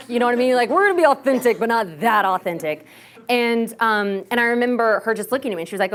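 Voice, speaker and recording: A young woman from Texas gives a candid, animated keynote story. She leans heavily on "like" and acts out the voices she quotes. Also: on the high side, quick pace. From Texas, USA. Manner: candid and self-mocking. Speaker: motivational keynote speaker. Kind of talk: personal storytelling talk.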